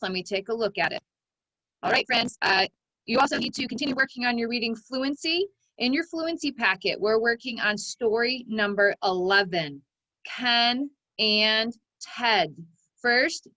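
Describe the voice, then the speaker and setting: A woman teaching a phonics lesson to young children, sounding out each word part slowly and clearly. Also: a little high, pushed and bright, dry recording, low-quality recording.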